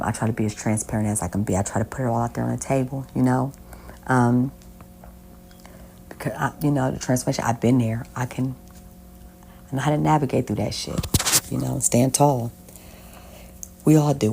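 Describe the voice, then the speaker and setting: A woman's voice: extremely low pitch, creaky, dark tone, slight background noise. A young adult woman vlogging candidly about her own life, rambling and swearing freely as she tells her story. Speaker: self-help vlogger. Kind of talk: casual personal storytelling. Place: Southern United States.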